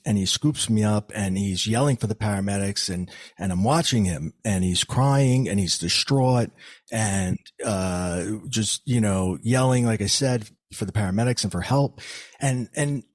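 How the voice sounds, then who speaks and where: A man with a fairly low voice tells a personal story as a podcast guest. He speaks earnestly and often restarts his sentences, filling pauses with "um" and repeated words. The sound is dry and close, with no room echo. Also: darkish tone. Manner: earnest, many restarts and fillers.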